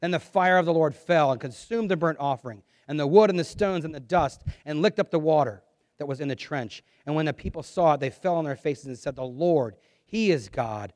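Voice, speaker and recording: A man preaching a sermon and reading scripture aloud, moving between quiet asides and loud, dramatic passages. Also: on the high side, animated, brisk, no echo, clean studio sound. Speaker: pastor.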